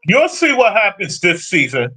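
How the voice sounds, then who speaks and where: Brash streamer guy, bright, lively voice, swears constantly while trash-talking. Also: sits high, moderate pace. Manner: profane, blunt, trash-talking. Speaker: streamer answering chat. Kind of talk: casual sports rant.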